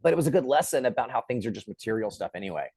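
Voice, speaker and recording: A man's voice: medium pitch, racing, gravelly, breathy edge. A man in a sit-down interview, talking casually and telling a personal story. He slips into other people's lines as he goes, acting them out. The sound is close and dry, with no room echo. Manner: lively storyteller who acts out quoted lines. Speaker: film director and guest.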